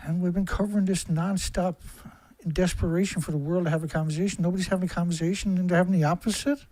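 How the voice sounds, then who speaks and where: A man's voice: steady tone, fast, dry recording, poor audio. Ranting, cursing man, dry sound. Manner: ranting, profane, repeated rhetorical questions, rising to shouts; starts low and subdued, builds to loud outbursts. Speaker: environmentalist video commentator. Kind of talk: angry monologue to camera.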